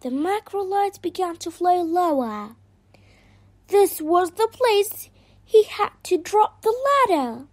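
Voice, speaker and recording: A woman reads a children's storybook aloud with a very high voice. She reads slowly and clearly, stretching out the sentences. Her pitch moves a lot to keep young listeners engaged. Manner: slow, expressive read-aloud. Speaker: narrator.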